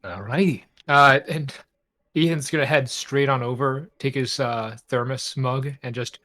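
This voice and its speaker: A man's voice: mid-range voice, a little slow, pushed and bright. A man playing a tabletop game, playfully describing what his character does. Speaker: player. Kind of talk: casual tabletop chat.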